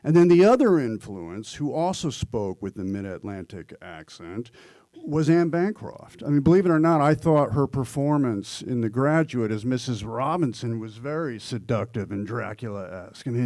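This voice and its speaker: A man and actor answering questions at a live Q&A, telling animated stories and slipping into voices and quotes. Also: mid-range voice, moderate pace, dry recording. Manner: animated storyteller who slips into voices and quotes. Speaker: actor and guest. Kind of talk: live Q&A discussion.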